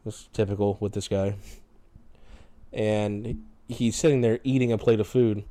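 A man's voice: on the low side, unhurried. A man hosting a casual podcast chat as an EMT, telling work stories with lots of swearing and laughter. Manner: animated storyteller, acts out calls, swears, laughs often.

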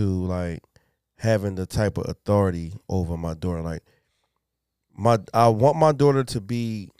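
A man, telling stories in a casual podcast chat, swearing and jumping high when he quotes himself. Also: clean tone, dry recording, clean studio sound. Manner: animated, swearing, voice jumps high in quoted outbursts. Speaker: podcast co-host.

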